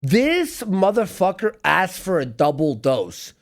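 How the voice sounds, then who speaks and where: A woman's voice: fairly low pitch, very animated, slow pace. A woman co-hosting a commentary stream, heckling a clip with crude, incredulous jabs. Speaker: co-host.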